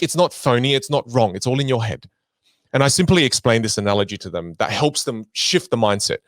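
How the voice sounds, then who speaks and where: A man guest on an interview podcast, a voice coach who talks expressively and swings his pitch and volume to make his points. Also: a bit bright, no echo. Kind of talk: animated conversational interview.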